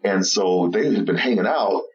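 A man guesting on a podcast, telling a story with animated, laughing delivery. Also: low voice, normal speed, distant mic, lo-fi sound. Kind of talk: storytelling interview chat.

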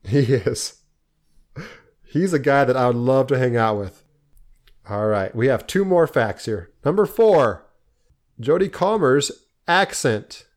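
An upbeat man in an easygoing podcast chat, reeling off movie facts with eager energy and quick laughs. His voice sits at an ordinary middle pitch. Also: animated. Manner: enthusiastic, laughs often. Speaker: podcast co-host.

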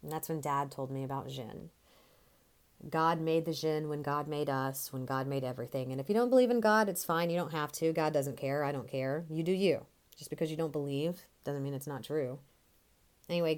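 Woman telling a story in an animated way. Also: low-pitched, moderate pace. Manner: conversational, animated storytelling, casual swearing. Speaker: storyteller in a dramatic monologue. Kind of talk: theatrical monologue.

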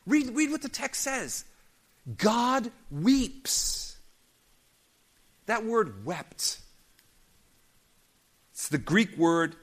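High-voiced impassioned male preacher. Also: fairly bright tone. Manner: impassioned, emphatic preaching with dramatic quoted voices. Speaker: pastor. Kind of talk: sermon.

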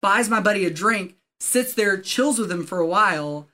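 Bright-voiced man telling rambling stories. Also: high voice, animated, moderate pace. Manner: rambling, many fillers and restarts. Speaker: guest. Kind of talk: casual storytelling.

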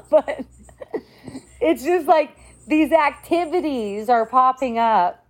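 A woman's voice: high-pitched, expressive, takes it slowly, long pauses. Casual, blunt woman giving a spiritual talk. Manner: loose and conversational, frequent "like" and "right?", blunt swearing.

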